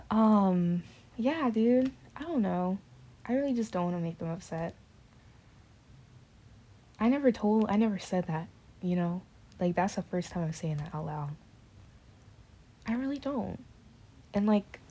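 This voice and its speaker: A woman's voice: medium pitch, expressive, unhurried, long pauses, mellow. A young woman, a student, talking in a casual confessional chat, rambling and nervous, full of fillers, slang and swearing. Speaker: student vlogger.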